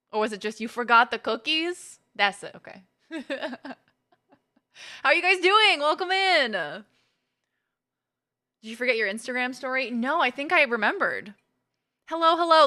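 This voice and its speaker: Woman streamer, chatty and playful, bright forward voice, slightly higher pitch, greets chat by name. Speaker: gaming streamer. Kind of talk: casual live-stream chat.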